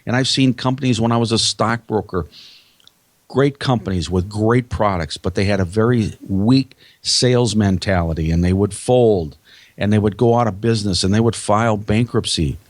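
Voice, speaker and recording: A man with a Minnesotan accent gives a punchy, motivational pitch as a podcast guest and keeps hammering on his main phrases. His voice sits on the low side. The recording is dry and close, with no room sound. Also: moderate pace, no echo. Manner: emphatic, motivational, repeats key phrases. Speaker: sales trainer and podcast guest. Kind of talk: podcast interview.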